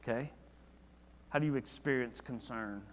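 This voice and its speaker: A man's voice: medium pitch, normal speed, long reverb tail, a little hiss or hum. A man leading a church Bible study in a casual, conversational way, often asking the class questions. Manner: conversational, asks the class questions, animated when reading verses.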